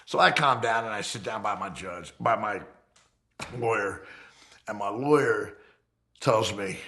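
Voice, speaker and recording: A man's voice: unhurried, long pauses, a little hiss or hum. A middle-aged man in a documentary interview, telling his own story bluntly, full of profanity, and acting out heated confrontations. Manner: profane, blunt, re-enacts heated confrontations with swings in pitch and loudness. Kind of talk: unfiltered storytelling in a fireside chat.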